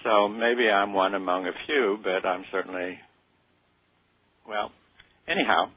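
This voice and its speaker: A man's voice: lowish voice, a little slow, slightly rough, dry recording. An older man being interviewed on radio, speaking modestly and hesitantly, with many fillers and restarts. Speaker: interview guest. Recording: tinny phone-like radio sound.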